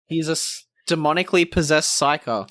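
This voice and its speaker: A man co-hosting a podcast, reacting to lore with quick banter in casual chat. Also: a little high, a bit bright, no room sound, studio quality. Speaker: podcast co-host.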